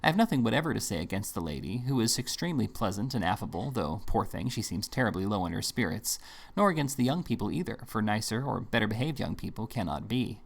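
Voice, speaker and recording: A man's voice: on the low side, lively intonation, fast, gravelly, hardly any pauses. A man reading the part of a mincing, genteel middle-aged landlady, speaking in a prim, affected way in an audiobook.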